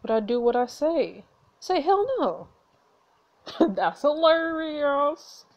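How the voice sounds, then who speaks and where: Casting: lively higher-voiced woman, gameplay host, reads and reacts out loud. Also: slow, muffled recording. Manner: animated, laughing, outraged reactions. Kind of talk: reading a story game aloud with reactions.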